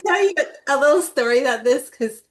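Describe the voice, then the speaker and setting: A middle-aged woman, an artist guest in an interview, telling stories in a lively, animated way. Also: a little fast. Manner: lively, animated anecdotes with big pitch jumps. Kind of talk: casual interview storytelling.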